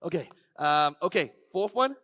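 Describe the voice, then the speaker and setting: In a dry recording, a high-voiced man gives a live keynote talk. He runs a magic trick with a volunteer before the crowd, his delivery swinging from quiet, unhurried passages to loud, excited shouts.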